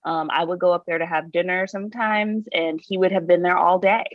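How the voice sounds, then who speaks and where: A woman with a fairly low voice tells her own story in a relaxed, conversational way, restarting sentences and reaching for fillers. The recording is dry and somewhat dull, as if made on a modest lo-fi setup. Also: brisk, dry recording. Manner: candid, with frequent restarts and fillers. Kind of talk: casual conversational recounting.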